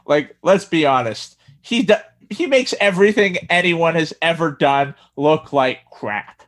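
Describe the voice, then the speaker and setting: A man's voice: fairly high pitch, animated, unhurried, fairly bright tone. A man co-hosting a podcast in casual chat, trading easygoing banter and dry quips. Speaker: podcast co-host.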